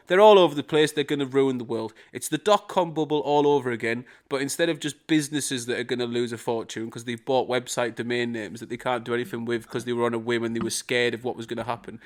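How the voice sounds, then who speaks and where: A man co-hosting a comedy podcast, ranting in casual, sweary chat. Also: mid-range voice. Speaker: podcast co-host.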